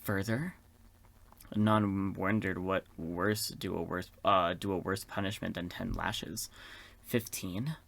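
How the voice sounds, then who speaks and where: A man's voice: sits low, steady tone, unhurried, vocal fry, fairly bright tone. A man hosting a gaming video, reading a visual novel aloud and breaking off for sassy, campy, profane asides.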